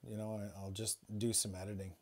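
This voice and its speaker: A man's voice: lowish voice, little pitch movement, brisk, a little mellow. A man livestreaming from home, rambling and swearing freely with many restarts as he tells a personal story. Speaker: spiritual livestreamer.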